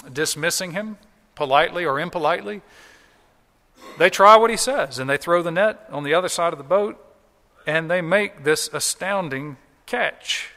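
A man's voice: a little high, sharp tone, big-room sound. A man preaching a sermon as pastor, explaining scripture in a conversational way and acting out quoted lines.

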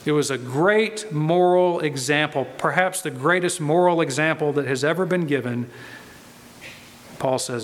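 A man preaches in a church with a fairly high voice, pressing each point and repeating his key lines for weight. The sound carries a long reverb from the hall around him. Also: measured pace, slight background noise. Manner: emphatic, repeats key phrases. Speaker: pastor. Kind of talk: sermon.

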